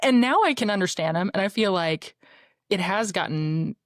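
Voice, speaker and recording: A woman's voice: medium pitch, lively intonation, normal speed, no room sound, clean studio sound. A woman hosting a podcast, chatting casually and laughing often as she talks. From northern United States. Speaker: podcast host. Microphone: podcast microphone.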